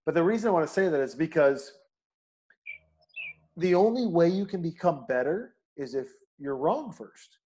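A man's voice: a little high, animated, normal speed, dark tone, a little hiss or hum. Emphatic ranting man, casual chat.

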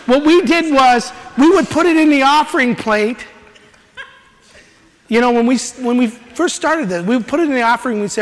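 A man preaching a sermon and telling a personal testimony in an animated storytelling manner. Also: extremely high pitch, moderate pace, in a large hall. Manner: animated storytelling, laughs while he talks.

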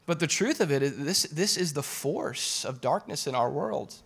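A man preaching a sermon as pastor, animated and casual, repeating phrases for emphasis. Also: mid-range voice, a little fast, few pauses.

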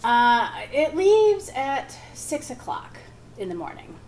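A woman's voice: sits high, slow, slight background noise. Woman comic telling a story. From Wisconsin. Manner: animated, laughing, acts out quoted voices. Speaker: guest comic. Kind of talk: casual storytelling.

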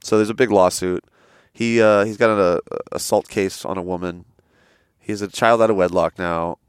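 A young man co-hosting a podcast in a dry, close-miked room. His voice sits a little low, but he bursts upward to act out what others said. He rambles through stories and swears freely. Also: normal speed, clear, resonant tone, no room sound. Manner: animated storyteller, swearing, acts out quotes. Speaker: podcast co-host. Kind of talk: casual chat. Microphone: headset.

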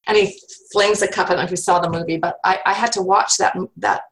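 A woman's voice: medium pitch, fairly even intonation, fast talker, fairly bright tone, low-quality recording. A woman guest telling a personal faith story in an earnest, reflective way, often restarting her sentences.

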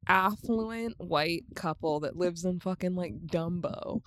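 A woman's voice: fairly low pitch, slow pace, a bit bright, no echo, clean studio sound. A woman co-hosting a podcast, recapping films in a rambling, casual chat, laughing often and swearing freely. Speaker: podcast co-host.

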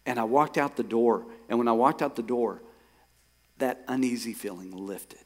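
A male pastor preaching a sermon. He tells a personal story and swings from quiet reflection to emphatic, rising bursts. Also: medium pitch, moderate pace. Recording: long hall reverb.

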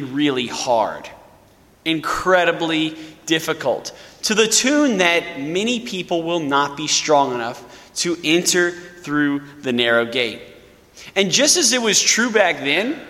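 Young male priest, fairly high voice, casual storytelling homily; echoey church hall. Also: bright, forceful tone. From Louisiana, USA. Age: young adult. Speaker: parish priest. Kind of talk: sermon.

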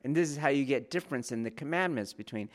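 A man's voice: medium pitch, animated, fast talker. A man teaching about martial arts in an informal lecture, talking conversationally and often checking whether listeners follow.

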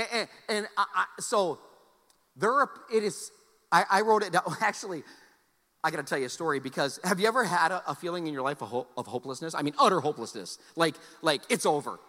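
A high-pitched pastor preaches a sermon, telling a personal story that swings between animated, loud exclamations and soft, earnest appeals. Long hall reverb surrounds his voice.

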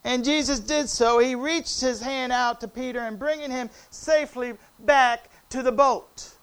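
A man preaching a sermon, calling on the congregation and swinging between loud cries and hushed, quiet passages. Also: very high voice, fairly even intonation, a little slow, smooth. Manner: call-and-response preaching, rising to loud cries and dropping to hushed tones.

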